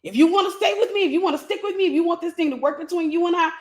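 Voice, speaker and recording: A woman acting out a manipulative lover who flatters at first and then demands devotion. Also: fairly high pitch, fast talker. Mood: demanding. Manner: gushing, then pushy and insistent.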